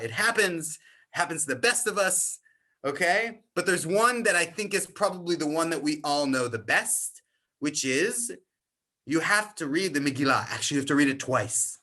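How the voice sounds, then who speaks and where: A man teaching an informal Torah class, retelling the story with animated, casual voices for its characters. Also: fairly high pitch.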